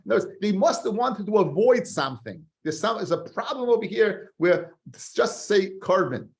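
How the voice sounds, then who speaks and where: A rabbi teaches a Talmud study lesson in a high-sitting, creaky voice at normal speed, barely pausing. Animated, he swings between loud emphasis and quiet, earnest stress, repeats phrases for emphasis, and mixes Hebrew and Aramaic terms into his English.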